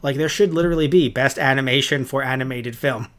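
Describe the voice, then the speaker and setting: A man's voice: medium pitch, quick pace, a bit bright. A man co-hosting a casual podcast chat, talking in a rambling, hesitant way with frequent swearing. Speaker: podcast co-host.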